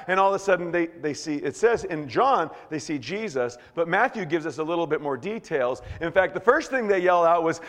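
A man preaching a sermon as pastor, animated and joking, acting out quotes with shouts and stammers. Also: a little high, fairly quick, few pauses, long reverb tail.

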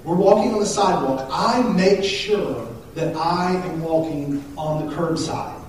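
A man in his thirties, a pastor giving a conversational, animated sermon with asides and jokes. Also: fairly high pitch, a little slow. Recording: echoey hall, speaker far from the mic, faint noise.

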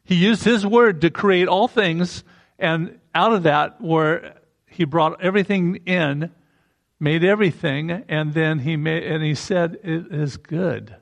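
A man's voice: on the high side, measured pace, gravelly. A man preaching a sermon in a conversational way, breaking into emphatic rising bursts.

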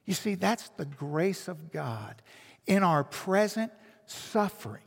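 A man's voice: high voice, sing-song, slow, gravelly, in a large hall. A man preaching a sermon as a pastor, telling a story with earnest, emphatic repetition. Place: church.

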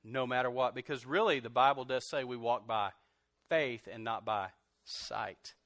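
A middle-aged man preaching a sermon, animated, swinging from loud outbursts to soft, confessional lines. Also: medium pitch, normal speed, no echo, clean studio sound. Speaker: pastor.

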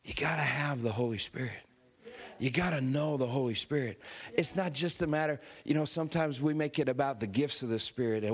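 With a medium-pitched, slightly breathy voice and a fairly quick pace, a preacher recounts a story during a sermon. He laughs along as he plays the people in it, acting out their words with lively energy.

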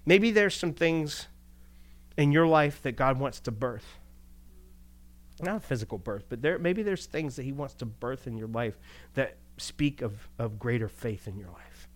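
Animated male pastor preaching conversationally. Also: medium pitch, unhurried. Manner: animated, rhetorical questions, chuckles. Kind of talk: conversational sermon.

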